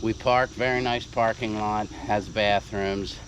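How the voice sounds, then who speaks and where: An American man vlogging outdoors on a bike trail, halting with lots of fillers, a bit out of breath. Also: lowish voice, steady tone, fairly bright tone, lo-fi sound. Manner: rambling, halting, with many fillers. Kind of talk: casual outdoor vlog narration. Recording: heavy wind noise on outdoor mic.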